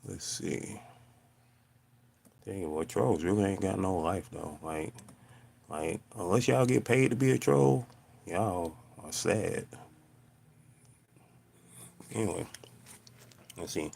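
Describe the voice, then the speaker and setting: Streaming casually from home, a man talks with his viewers and rants, animated and exasperated, using lots of slang. His voice is low and creaky, and he speaks slowly with long pauses.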